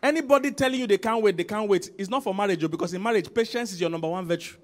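A man preaching as senior pastor in a church, swinging from loud calls to quiet emphasis and asking the congregation to respond. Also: sits high, racing. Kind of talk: sermon.

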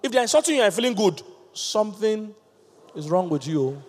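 A man preaching a lively sermon, acting out little scenes and laughing with his listeners. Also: high-pitched, a little fast, long reverb tail. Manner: animated, acts out voices, laughs with the congregation.

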